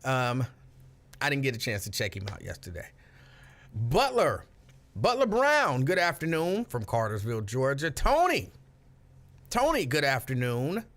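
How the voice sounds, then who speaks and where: Animated, lively-voiced male live-stream host. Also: medium pitch, measured pace, pauses often. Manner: animated, reads out viewer comments and greets them by name; playful, joking self-mockery. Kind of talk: casual live-stream chat greeting viewers.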